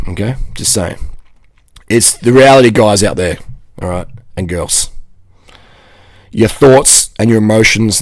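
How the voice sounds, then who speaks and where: A man's voice: fairly low pitch, no room sound. A man, ranting casually to camera in a blunt, rambling, profane way. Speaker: vlogger.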